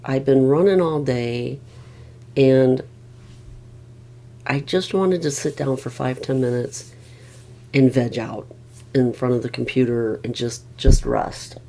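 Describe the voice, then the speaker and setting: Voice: medium pitch, fairly even intonation, slow pace, vocal fry, long pauses, dark tone. A middle-aged family caregiver rambling wearily in a casual vlog, with many restarts.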